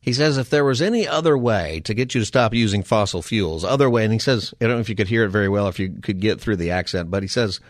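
A man's voice: on the low side, quick pace, hardly any pauses, dry recording, studio quality. A man hosting a call-in radio talk show, rambling through topics with wry, folksy asides. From Southern California. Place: radio studio.

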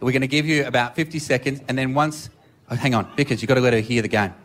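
Aussie guy hosting a live radio show, jokey and quick, explaining a game. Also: mid-range voice, a bit bright. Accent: Australian. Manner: joking, running a game. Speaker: radio co-host.

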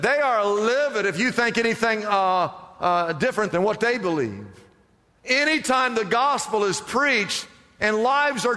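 A man's voice: extremely high pitch, bright, forceful tone, big-room sound. A man preaching a sermon as pastor, emphatic and firing off rhetorical questions to the congregation.

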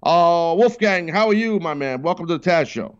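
A man hosts a sports call-in show in a brash, mock-indignant style. His voice sits a little high. The sound is somewhat muffled and lo-fi. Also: animated, normal speed, clean tone. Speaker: host. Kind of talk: sports talk radio call-in.

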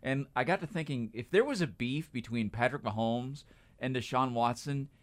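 A man's voice: medium pitch, moderate pace. A man co-hosting a sports radio show in a studio, telling wry stories and anecdotes about the game. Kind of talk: casual sports talk radio. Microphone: studio microphone.

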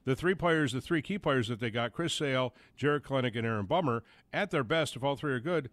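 A man hosts a sports call-in show at a studio mic, voice sitting at an ordinary middle pitch. He rambles, doubles back on his words and drops little laughs. The sound is close and dry. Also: a little fast, a bit bright, no room sound. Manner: rambling, stop-start, chuckling asides. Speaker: sports radio host. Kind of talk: call-in radio talk.

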